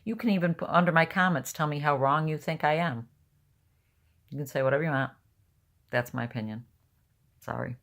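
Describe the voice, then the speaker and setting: A woman's voice: low-pitched, brisk, long pauses, a bit bright. An older woman talking casually to camera, blunt and rambling, openly emotional. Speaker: vlogger.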